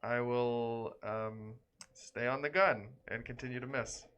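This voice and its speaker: A man playing in a tabletop role-playing game, animated and jokingly exasperated, with bursts of exclamation and laughter. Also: medium pitch, unhurried, clean tone. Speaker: player. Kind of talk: tabletop game play, casual chat.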